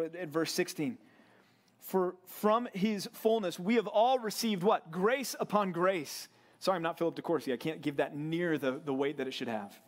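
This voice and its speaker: Man preaching, fairly high voice, earnest sermon to a men's group. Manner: earnest preaching, swings between loud emphatic bursts and quiet low asides. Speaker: pastor. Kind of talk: sermon to a men's Bible study.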